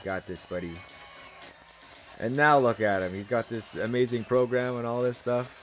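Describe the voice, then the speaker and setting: A man streaming live, excitedly commenting on old footage and laughing often. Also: mid-range voice, moderate pace. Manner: excitable, laughs a lot, loud.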